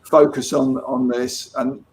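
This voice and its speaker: A man's voice: medium pitch, level tone, slow pace, a little mellow. A man, a comics artist chatting casually as an interview guest, with many restarts. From England. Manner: chatty storyteller with frequent restarts.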